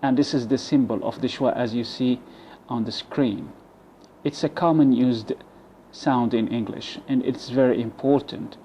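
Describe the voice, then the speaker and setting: A man with an Egyptian accent teaching English pronunciation, carefully modelling words and letting his voice drop at the ends of phrases. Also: warm tone. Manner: slow, deliberate model words, drops low at phrase ends. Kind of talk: bilingual pronunciation lesson. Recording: dull lo-fi recording with faint noise.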